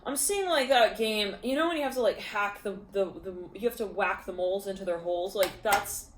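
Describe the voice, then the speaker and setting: A woman's voice: medium pitch, brisk, echoey room. A woman giving a casual spoken tarot reading, chatty and full of fillers, giggling often. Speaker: tarot reader.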